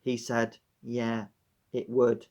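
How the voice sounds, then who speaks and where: A man reading aloud as a dull, flat-voiced woman diarist in her thirties, in a put-on Brummie accent. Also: mid-range voice, slow pace, lightly acted. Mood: deadpan.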